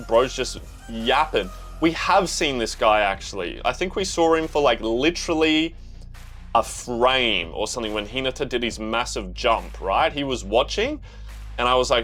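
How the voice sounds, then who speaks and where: A young Australian man reacts to a manga with casual, slangy commentary, talking excitedly both to himself and to the viewer. His pitch is medium, his pace moderate, and faint music plays in the background.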